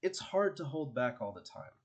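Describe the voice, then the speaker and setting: A man's voice: mid-range voice, sing-song, normal speed, pitched above the performer's own voice. A man doing a brash young superheroine. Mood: pleading.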